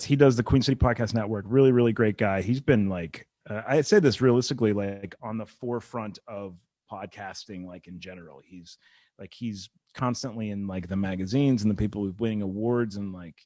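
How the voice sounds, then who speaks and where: Guy on a comedy podcast, kinda low voice, rambly, lots of likes, dry close sound. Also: a little mellow, no room sound. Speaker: guest comedian. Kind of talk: casual podcast chat.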